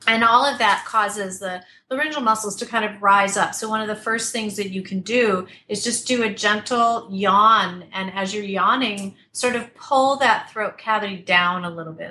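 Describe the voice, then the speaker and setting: Bright, chatty woman vocal coach. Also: mid-range voice, moderate pace, few pauses. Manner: animated, chatty, many fillers and restarts. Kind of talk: remote interview, explaining technique. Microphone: desktop computer mic at a distance.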